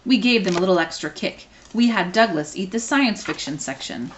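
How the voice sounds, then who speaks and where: A woman's voice: mid-range voice, lively intonation, normal speed, a little hiss or hum, close to an everyday voice. Lady reading as a chipper posh little pterodactyl chap, super polite, storybook voice. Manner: genteel, courteous. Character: small polite male British pterodactyl.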